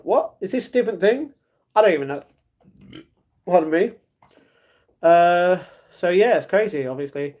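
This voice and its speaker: A man's voice: a little high, a little mellow. A man live streaming, chatting casually and reading viewer comments aloud, often laughing.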